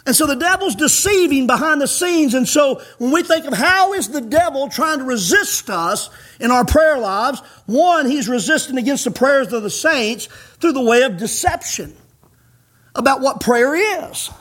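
A male pastor preaching a fiery sermon, emphatic and scolding, rising to shouts. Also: very high-pitched, animated, moderate pace.

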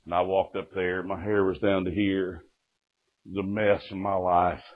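A man preaching a testimony sermon, telling his story in a folksy way with sudden jumps in loudness. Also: deep voice, level tone, measured pace. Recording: dull lo-fi recording.

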